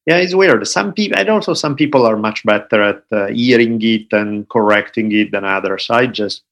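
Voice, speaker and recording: A man in his forties speaks with a light Italian accent. His voice sits a little low, and he talks easily as a guest, with a dry, self-mocking humor. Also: normal speed. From Italy. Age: 40s. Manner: joking, self-deprecating, relaxed. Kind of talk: casual interview chat.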